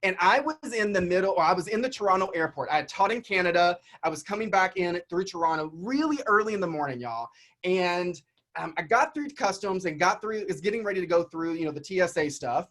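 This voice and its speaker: A man's voice: high voice, brisk. A man from the American South giving a keynote over a video call, telling a story to his audience and calling them y'all. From Southern United States. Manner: animated, chatty, addresses audience as y'all. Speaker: keynote speaker.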